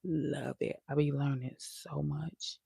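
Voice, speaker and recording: Woman vlogger, heavy vocal fry, husky tone, chatty and sassy live-stream talk. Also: low voice, little pitch movement, slow, warm tone, no echo, clean studio sound. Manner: chatty, sassy, laughing asides. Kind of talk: casual live-stream chat.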